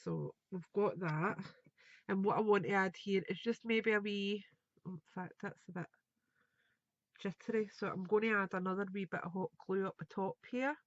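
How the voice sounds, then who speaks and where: A woman's voice: mid-range voice, moderate pace, no room sound, highs cut off. A woman, chatting and thinking aloud as she demonstrates a craft project live. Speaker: craft tutor.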